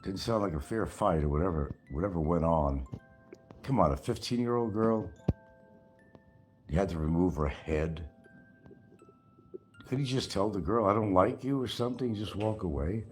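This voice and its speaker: A man's voice: deep voice, animated, moderate pace, pauses often, a little mellow, soft background music. An older man hosting a casual livestream, rambling and sarcastic with frequent chuckles. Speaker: livestream host.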